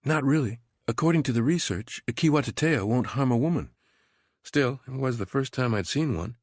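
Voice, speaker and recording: A man's voice: mid-range voice, animated, normal speed, no echo, studio quality, pitched above the performer's own voice. A man voicing a brave, scholarly young woman in an audiobook, speaking with commanding conviction. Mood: calm explaining. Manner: commanding, fervent prayer delivery. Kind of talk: audiobook character voice.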